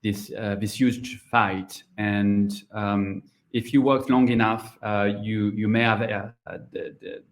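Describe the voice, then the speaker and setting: A man giving an online conference talk, pausing often with ums and uhs. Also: on the low side, level tone. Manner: hesitant, many ums and uhs. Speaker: conference speaker.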